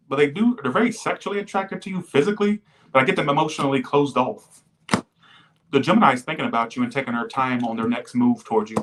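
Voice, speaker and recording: A man with a medium-pitched, slightly bright voice does a casual tarot reading on a livestream, with a little hiss or hum in the audio. He rambles, swears freely, drifts into tangents and stops to thank viewers for donations.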